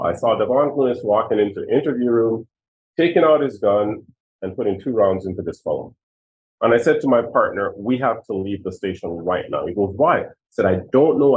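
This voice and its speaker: A man in his sixties, originally from Jamaica, a retired police chief earnestly telling personal stories in an interview. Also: on the low side. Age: 60s. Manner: earnest, emphatic storyteller. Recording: tinny phone-like audio.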